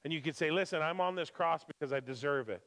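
A man preaching a sermon who moves from calm scripture reading to impassioned, emphatic preaching with repeated phrases. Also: fairly high pitch, quick pace. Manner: emphatic repetition. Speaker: pastor. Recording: long hall reverb.

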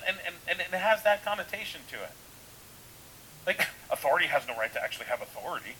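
A male pastor delivering a sermon in a loose, conversational way, firing off rhetorical questions and restarting his sentences. His voice sits a little high for a man. A faint hiss runs under the recording. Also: lively intonation, fairly quick, long pauses, pushed and bright, rough recording.

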